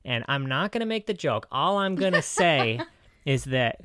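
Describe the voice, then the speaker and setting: A man's voice: very animated, normal speed, fairly bright tone, no echo, studio quality. Joking, profane man podcast co-host. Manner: joking, profane, pitch jumps up when incredulous. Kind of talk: casual film review chat.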